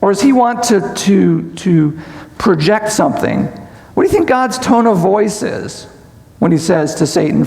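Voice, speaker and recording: High-voiced, gravelly preacher. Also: male voice, animated, moderate pace, a little mellow, big-room sound. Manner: questioning, explains step by step. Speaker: conference speaker. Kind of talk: sermon, Bible study lecture. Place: large conference hall.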